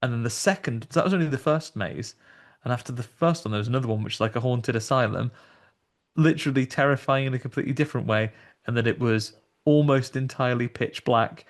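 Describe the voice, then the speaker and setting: A man hosts a casual horror podcast chat. He tells stories with gusto and mimics the people in them. His voice sits in an ordinary middle pitch. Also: fast talker. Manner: animated storytelling, acts out voices. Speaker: podcast host.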